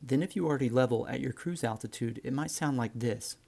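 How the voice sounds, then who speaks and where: A man teaching flying, explaining radio calls in a relaxed, friendly way to viewers. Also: mid-range voice, a little fast, gravelly. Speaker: flight instructor. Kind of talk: instructional narration.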